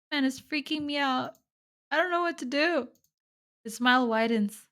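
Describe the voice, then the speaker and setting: A woman's voice: high-pitched, normal speed, pauses often, fairly bright tone. A woman playing a horror visual novel, reading the story aloud and reacting with lots of swearing and casual slang. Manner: reactive, swears a lot, says "bro". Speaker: gaming streamer. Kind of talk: let's play commentary and reading game text aloud.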